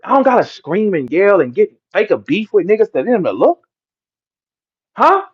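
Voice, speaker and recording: A middle-aged man with a St. rants and lectures, his voice pitched high and his manner preachy and profane. He speaks in a fiery sermon-like flow aimed at his listeners. The sound is dull and lo-fi, like a muffled stream. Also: very animated, normal speed, slightly rough. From St. Louis, Midwest US. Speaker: battle rapper ranting to listeners. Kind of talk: heated livestream rant.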